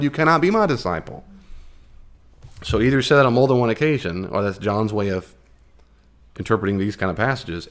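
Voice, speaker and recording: Animated, low-voiced man teaching a Bible class. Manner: conversational, animated, with frequent fillers and restarts.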